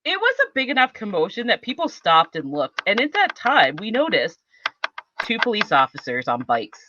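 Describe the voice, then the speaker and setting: A woman hosting a podcast, telling an animated, profane story in casual chat. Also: medium pitch, moderate pace, muffled recording, noisy background. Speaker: podcast host.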